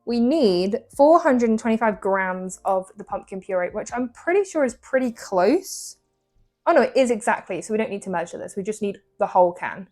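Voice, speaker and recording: A young English woman talks her viewers through a bake in her home kitchen, chatty and quick to poke fun at herself. Her voice sits at an ordinary middle pitch. Soft music plays faintly behind her. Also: lively intonation. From England. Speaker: baking vlogger. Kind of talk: casual chat while baking.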